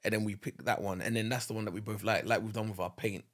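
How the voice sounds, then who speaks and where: A man with a fairly low voice, co-hosting a relaxed podcast chat with his partner. He talks things through in an easygoing, conversational way and leans on small household examples. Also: fast talker. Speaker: podcast co-host. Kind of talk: casual couple's chat.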